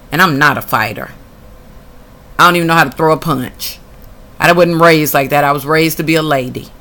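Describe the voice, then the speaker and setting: Woman, blunt and indignant, reading documents aloud and reacting; forceful delivery. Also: low voice. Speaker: tenant telling her own housing case.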